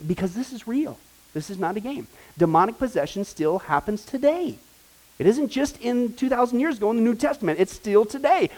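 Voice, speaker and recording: A man's voice: high-pitched, a little mellow, low-quality recording. A man teaching a Bible discipleship class in a conversational way, often checking in with "right?" and "okay?".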